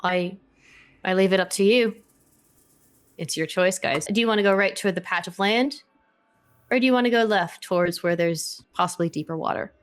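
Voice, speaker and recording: A woman's voice: mid-range voice, normal speed, pauses often, soft background music. A woman running a tabletop game as game master, describing scenes in a hesitant way with many fillers.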